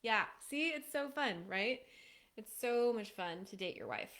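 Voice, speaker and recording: Lively woman coaching on relationships. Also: a little high, unhurried. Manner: animated, laughs often, acts out quoted voices. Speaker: relationship coach hosting a live stream. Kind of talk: casual advice talk to a live audience.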